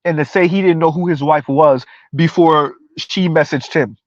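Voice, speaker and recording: A man's voice: fairly high pitch, fairly even intonation, normal speed, no echo. A man under forty giving casual live-stream commentary, emphatic and repetitive, ranting and laughing often. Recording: dry, slightly dull lo-fi sound.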